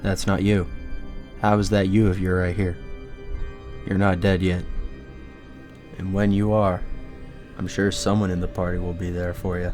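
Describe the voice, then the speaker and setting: A man doing a deep, flat, calm inner voice. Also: normal speed, long pauses, soft background music, lightly acted. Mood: reassuring. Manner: calm, reassuring.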